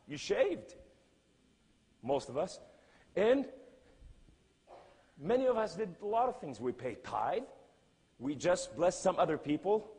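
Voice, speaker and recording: Brief: man preacher with a raspy, higher voice, dramatic loud-to-hushed delivery, non-native English, long church reverb. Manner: emphatic, with big swings between loud cries and hushed lines. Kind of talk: sermon storytelling.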